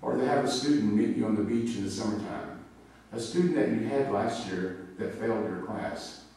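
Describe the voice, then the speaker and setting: Male pastor, low voice, chatty anecdotal sermon; distant mic in a very echoey church with faint noise. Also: moderate pace, mellow. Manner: conversational storytelling with personal anecdotes. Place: church sanctuary.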